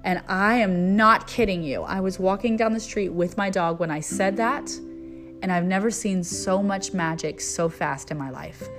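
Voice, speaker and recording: A woman's voice: mid-range voice, moderate pace, faint music behind. A middle-aged woman hosting a spiritual message, telling a personal story and then preaching in an earnest, storytelling way. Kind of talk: inspirational spiritual talk.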